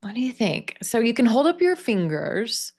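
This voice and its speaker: A woman leading an online pronunciation class, modelling words slowly with exaggerated stress. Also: on the high side, sing-song, darkish tone. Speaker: pronunciation coach.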